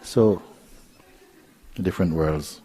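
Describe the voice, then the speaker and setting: A man speaking as a spiritual teacher to a live audience, telling a gentle story with frequent chuckles. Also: low voice, slow pace, slightly rough. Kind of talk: relaxed satsang talk.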